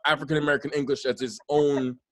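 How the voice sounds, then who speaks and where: A man's voice: on the high side, flat delivery, quick pace, fairly bright tone, dry recording. A man hosting a podcast, talking earnestly and at length in a casual, rambling way with many restarts. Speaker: podcast host.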